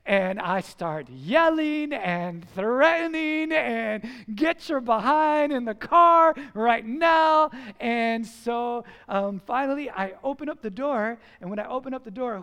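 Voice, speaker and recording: Middle-aged guy preaching, really high voice, gets loud on the big points then goes soft for the side comments. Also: lively intonation, measured pace, smooth, big-room sound. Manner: storytelling preacher, rises to emphatic peaks and drops to quiet asides. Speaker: pastor. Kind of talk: sermon.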